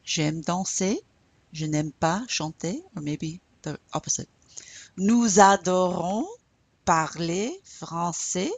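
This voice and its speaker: A woman gives a recorded French lesson, speaking slowly and carefully so students can repeat after her. Her voice sits a little low. The sound is dry and close, with no room echo. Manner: slow and deliberate, modelling pronunciation for learners to repeat. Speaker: French teacher. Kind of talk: recorded lecture.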